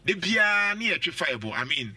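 A man's voice: high-pitched, sing-song, brisk, bright, forceful tone, no echo. A man hosting a radio talk show, pressing his guest with questions and repeating them.

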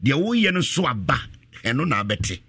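A man preaching on the radio, repeating scripture lines after a reader and rising to shouted appeals. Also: mid-range voice, very animated, normal speed, vocal fry, slightly rough, dry recording, studio quality. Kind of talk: call-and-response Bible preaching.

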